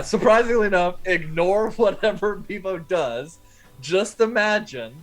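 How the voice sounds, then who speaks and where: A man running a tabletop game as game master, describing scenes in a relaxed, easygoing way. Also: high-pitched, rough recording.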